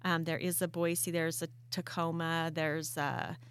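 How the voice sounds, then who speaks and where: A woman's voice: low voice, flat delivery, unhurried, clean tone. Easygoing woman chatting with friends. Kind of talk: casual group chat.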